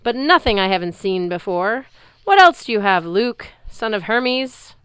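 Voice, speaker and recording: A woman's voice: sing-song, unhurried, a bit bright, dry recording. A woman voicing a huge, boastful giant man who gloats over an arena in a storybook reading. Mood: gloating. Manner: booming, gloating.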